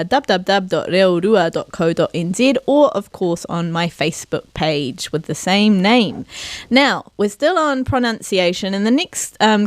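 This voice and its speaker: Measured New Zealand woman teaching on radio. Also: mid-range voice, dry recording, clean studio sound. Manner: clear, measured teaching, demonstrating words aloud. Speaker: radio host and te reo Māori teacher. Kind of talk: radio language lesson. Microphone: studio microphone.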